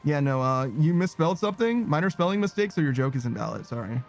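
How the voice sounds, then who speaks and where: A man's voice: on the high side, animated, fast talker. A man streaming a game, chatting casually, reading chat aloud and laughing easily. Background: faint game music.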